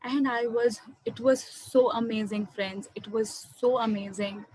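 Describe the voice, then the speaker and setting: A woman tells her listeners about a personal spiritual experience. Her voice sits a little high for a woman, and it sounds emotional and earnest as she keeps calling her listeners friends. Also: steady tone, unhurried, a little mellow, poor audio. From India. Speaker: meditation speaker. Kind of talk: personal testimony to an online audience.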